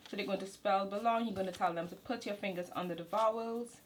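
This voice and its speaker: Woman host, mid pitch, casual explainer, faint room noise. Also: fast, low-quality recording. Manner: casual, explanatory, with fillers and self-corrections. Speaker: homeschool channel host. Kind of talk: walking through a curriculum manual.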